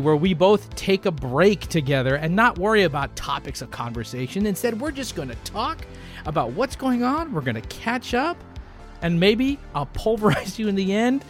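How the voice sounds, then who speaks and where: A man hosting a casual podcast, excitable and joking, laughing and swearing while eating. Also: high-pitched, normal speed, soft background music. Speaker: podcast host.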